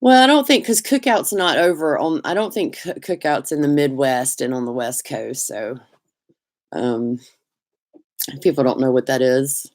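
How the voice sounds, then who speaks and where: A middle-aged woman with a Southern US accent hosting a casual live chat, talkative and quick to laugh, greeting viewers by name. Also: extremely low pitch, darkish tone. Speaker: livestream host.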